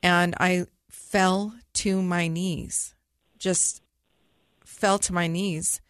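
A woman's voice: on the low side, steady tone, extremely slow, dry recording, clean studio sound. A middle-aged woman, a podcast co-host, earnestly telling a personal story in vivid detail.

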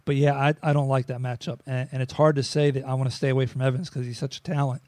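A man's voice: mid-range voice, flat delivery, fast talker, darkish tone, no room sound. A man co-hosting a casual sports podcast, chatty and joking, often restarting his sentences. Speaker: podcast co-host.

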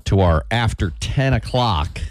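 A teasing man co-hosting a morning radio show on a studio microphone. His pitch swings up and down a lot, the sound is close and dry, and he chuckles between jokes. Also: expressive, a little slow, no room sound, faint music behind. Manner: teasing, jokey, chuckles often. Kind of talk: casual radio banter.

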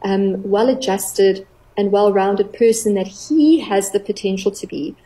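A middle-aged woman, a clinical psychologist, explaining earnestly on a radio talk show, with gentle playful examples. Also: medium pitch, steady tone, unhurried, low-quality recording.

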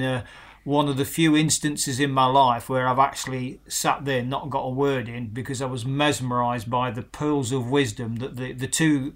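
A man's voice: medium pitch, fairly bright tone. A man interviewing a guest in casual chat, sharing reflective, rambling anecdotes.

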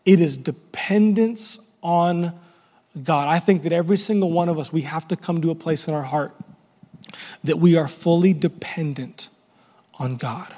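A man's voice: on the high side, steady tone, moderate pace, warm tone. A man preaching a sermon as pastor, passionate and repetitive, building to rising crescendos. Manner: impassioned preaching, repeats words, builds to crescendos. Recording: long reverb in a large hall, faint music.

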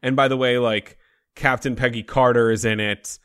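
Male podcast co-host, smooth clear voice, dry close sound, brisk offhand delivery. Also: medium pitch, fairly even intonation, a bit bright, no echo. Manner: quick, offhand, reads lists very fast. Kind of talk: casual chat.

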